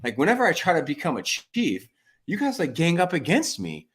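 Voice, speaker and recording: A family coach in his forties, appearing as a podcast guest, tells rambling, animated stories in a casual interview, leaning heavily on "like" and "freaking." His voice is fairly high, fairly quick, and slightly rough.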